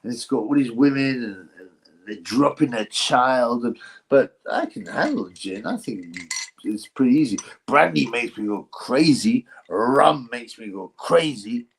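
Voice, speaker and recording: A man chatting loosely on a livestream in a middle-pitched voice. He rambles from one aside to the next, mocking and joking as he goes. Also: animated, a little slow, creaky, husky. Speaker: livestream host. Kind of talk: casual livestream chat.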